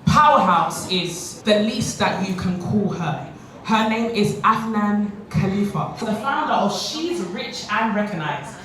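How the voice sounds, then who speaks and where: A woman emceeing a live event, leading the audience in energetic call-and-response. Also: mid-range voice. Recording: echoey venue from far off, crowd noise.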